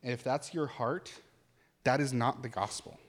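A man preaching a sermon as pastor, earnest and conversational, with animated asides. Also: mid-range voice, moderate pace, long reverb tail.

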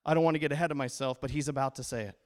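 A middle-aged man preaching a sermon as pastor, playful and animated, acting out quoted voices. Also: mid-range voice, rapid-fire.

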